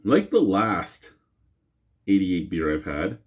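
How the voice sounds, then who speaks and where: A man's voice: very animated, slow, slightly rough. A man, hosting a casual beer review vlog, chatty and rambling with self-mocking jokes, recorded on a camera mic. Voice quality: deep voice. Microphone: camera mic, no lapel mic.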